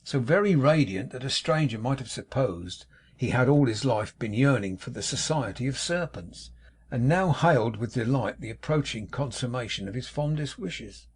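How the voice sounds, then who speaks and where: Husky male audiobook narrator. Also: mid-range voice, expressive, normal speed. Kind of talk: scripted narration.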